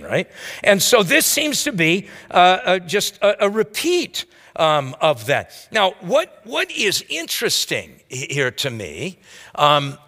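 Male pastor, high and expressive, conversational sermon, reverberant church sound. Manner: lively, conversational preaching with rhetorical asides.

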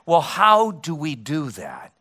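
A middle-aged man preaching a sermon as pastor, emphatic, with rhetorical questions and dramatic pauses. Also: on the high side, huge pitch swings, pushed and bright.

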